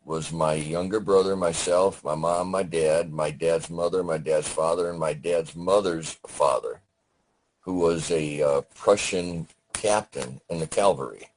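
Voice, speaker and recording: An older man from Detroit, a Vietnam veteran guest, recalls his childhood slowly over a remote call, pausing often with fillers. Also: sits low, fairly even intonation, darkish tone, a little hiss or hum, low-quality recording. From Detroit, Michigan. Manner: slow, halting recollection with many pauses and fillers. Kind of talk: storytelling interview. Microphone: remote audio call.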